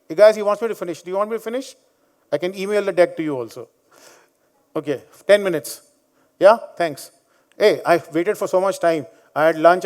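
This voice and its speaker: A man's voice: high voice, a little mellow. A man in his fifties with an Indian English accent, telling blunt, combative stories in a conference talk. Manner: blunt, combative, joking storyteller. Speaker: conference speaker. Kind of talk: conference talk with personal anecdotes. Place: conference venue before a live audience.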